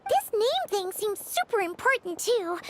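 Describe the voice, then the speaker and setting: A woman voicing a tiny, excitable fairy companion girl who talks in a bouncy, urgent way. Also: very high-pitched, a little slow, exaggerated voice. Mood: eager. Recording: game audio with loud music.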